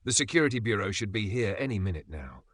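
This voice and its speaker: A man's voice: fairly low pitch, very animated, fast talker, no echo, studio quality. A man voicing a scheming old homeless man who talks casually and without apology. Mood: sly. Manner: casual, unapologetic.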